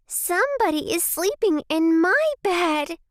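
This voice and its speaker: A woman voicing a little boy bear cub in a storybook reading, with a small, squeaky baby voice. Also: very animated, a little slow, no room sound, studio quality, exaggerated voice. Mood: upset.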